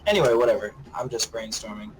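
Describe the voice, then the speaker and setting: A man's voice: lowish voice, fast, crowd noise, poor audio. A man co-hosting a podcast in casual chat, brainstorming ideas and laughing often. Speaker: podcast co-host.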